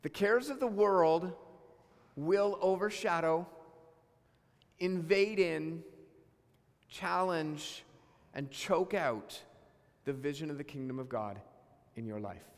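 Man, pastor, sermon, high voice, animated, acts out voices, long hall reverb. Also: takes it slowly, pauses often. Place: church sanctuary.

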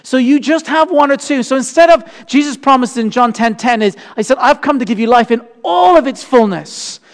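A man preaching a sermon, telling a family story with lively acted-out voices. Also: very high-pitched, fairly quick, big-room sound. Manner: animated storytelling, acting out voices. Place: church.

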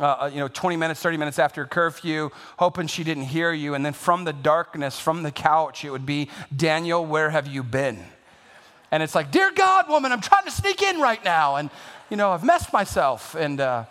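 Joking middle-aged pastor in echoey hall. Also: male voice, medium pitch, fairly bright tone. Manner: self-deprecating, joking, halting with fillers. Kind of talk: sermon.

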